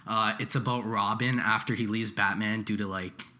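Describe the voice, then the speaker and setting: Bright-voiced young man, animated banter. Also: lowish voice, normal speed, a little hiss or hum. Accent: Canadian. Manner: animated, swears freely, acts out scenes. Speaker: podcast co-host. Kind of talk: casual chat.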